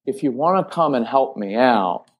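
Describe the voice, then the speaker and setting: A man's voice: medium pitch, normal speed. Parenting guest, male, casual chat, plays out sample lines to kids. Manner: animated, acts out parent phrases. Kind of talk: casual podcast conversation.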